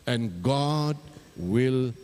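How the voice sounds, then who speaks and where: A man's voice: medium pitch, lively intonation, drawn-out words, clean tone, in a large hall. A man, a pastor telling a children's story in church and voicing its characters. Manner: gentle storytelling with voiced characters.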